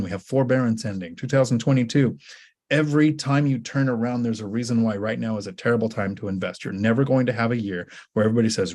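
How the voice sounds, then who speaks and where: A low-voiced man with a slightly husky tone, hosting a relaxed question-and-answer stream. He rambles casually and often stops and restarts his sentences. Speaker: host. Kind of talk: casual livestream Q&A.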